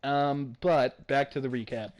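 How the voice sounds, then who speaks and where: A young man hosting a casual gaming podcast, excitable, swearing freely and laughing often. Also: mid-range voice, unhurried. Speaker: podcast host.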